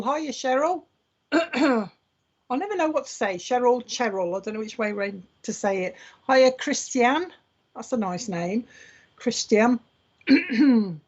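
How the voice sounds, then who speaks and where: A woman's voice: a little high, muffled recording. A woman hosting a live online mediumship stream in a casual, chatty way, greeting viewers by name and laughing often. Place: home room.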